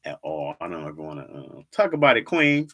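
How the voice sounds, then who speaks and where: A man's voice: very deep voice, big pitch swings, a little fast, a bit bright, highs cut off. A man hosting a casual livestream, chatting with his viewers and playfully teasing them, repeating words for laughs. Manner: talks straight to viewers, says "y'all" a lot. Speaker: livestream host.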